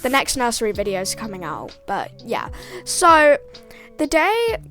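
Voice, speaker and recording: Bubbly high-voiced teen girl. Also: wildly swooping pitch, measured pace, fairly bright tone, soft background music. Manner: chatty, full of "like", acting out dialogue. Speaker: storyteller. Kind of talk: storytime vlog.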